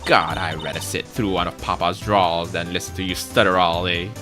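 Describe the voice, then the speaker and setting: A streamer voicing a brash Southern woman photographer with an exaggerated put-on drawl, scolding and quick to bristle. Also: low-pitched, fairly even intonation, over music, pitched below the performer's own voice, close to an everyday voice. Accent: American Southern, put on.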